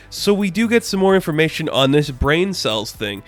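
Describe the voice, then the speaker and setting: A man's voice: a little high, very animated, normal speed, few pauses, soft background music. A man giving a casual comic book review, chatty and full of fillers, loosely paraphrasing what the characters say.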